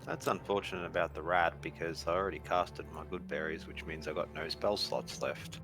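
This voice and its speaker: A man playing in a tabletop game, talking quickly and matter-of-factly about his moves. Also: low-pitched, creaky, over music. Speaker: player. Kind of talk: casual tabletop game chat.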